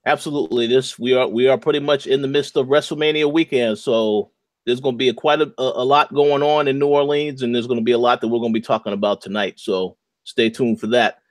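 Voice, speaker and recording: Man host, mid-pitched, upbeat intros with stumbles, dry close sound. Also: steady tone, quick pace, dry recording. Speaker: podcast host. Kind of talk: casual podcast chat.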